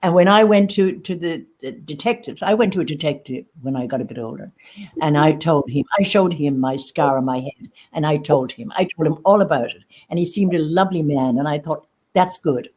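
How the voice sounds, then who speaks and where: Woman guest, lowish voice, halting emotional testimony. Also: darkish tone. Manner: halting, emotional, repeats phrases. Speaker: guest sharing lived experience. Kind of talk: personal testimony in conversation.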